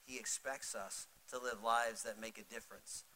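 Bright-voiced preacher man, loud then hushed. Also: mid-range voice, steady tone, moderate pace, a little hiss or hum, low-quality recording. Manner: swings from loud urgent pleading to soft intimate storytelling. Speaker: pastor. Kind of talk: sermon.

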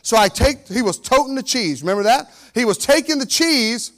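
A man in his forties, a pastor, preaching a lively sermon and acting out the story's characters, moving from loud to quiet. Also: very high voice, normal speed. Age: 40s.

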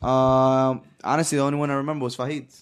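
A man's voice: medium pitch, flat delivery, quick pace, smooth. A laid-back man chatting with friends on a casual group podcast. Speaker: podcast co-host.

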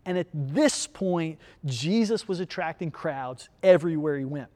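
A man's voice: on the high side, animated, measured pace, dark tone, in a large hall. A man preaching as pastor in an online church service, telling a story and speaking directly to his viewers.

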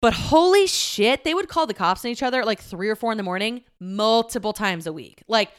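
Young woman, podcast host, smooth clear voice, candid chatty storytelling, laughs a lot, swears casually. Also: a little high, expressive, brisk.

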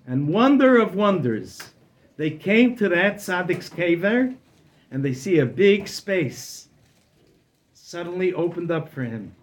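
High-voiced male rabbi telling a story. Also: big pitch swings, slow, a little hiss or hum. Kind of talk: oral storytelling.

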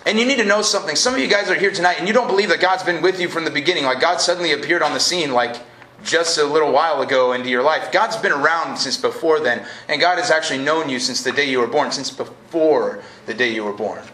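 A man preaching a lively, casual sermon to a college group, joking and then rising to emphatic peaks. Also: a little high, fast talker. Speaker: pastor. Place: college event hall. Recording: live room echo, faint noise.

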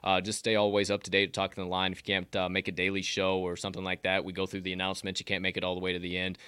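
A man hosts a sports betting podcast in loose, energetic banter. He swears freely and wanders off on tangents. The recording is dry and close. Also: low voice, rapid-fire, clean tone, no room sound. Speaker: podcast host. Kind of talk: casual sports betting chat.

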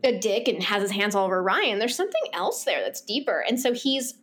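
A woman's voice: mid-range voice, sing-song, brisk, a bit bright. A woman co-hosting a podcast, recapping a romance novel scene by scene in casual chat, quoting the characters' lines and laughing often. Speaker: podcast co-host. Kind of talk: casual book-club chat.

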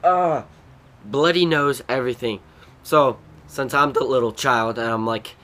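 A man hosting a podcast, telling rambling, animated stories about his family. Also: mid-range voice, a little slow. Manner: rambling, animated, bursts into loud acted shrieks. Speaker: podcast host. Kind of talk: casual storytelling.

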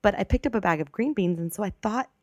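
A woman's voice: mid-range voice, lively intonation, fast talker, dry recording, studio quality. A woman in her twenties hosting a podcast, telling a story in a rambling, chatty way that keeps correcting itself. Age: 20s. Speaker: podcast host. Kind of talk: casual storytelling monologue.

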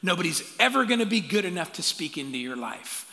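A man preaching a sermon as the pastor, animated, with call-outs and playful asides to the congregation. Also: high voice, a little fast. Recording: long hall reverb.

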